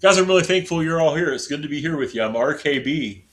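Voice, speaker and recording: Animated and fast-talking, this man has a fairly high, slightly bright voice. He's from southern Indiana, USA, casually chatting with his viewers while streaming a baseball game, and he's chatty and quick to joke at his own expense.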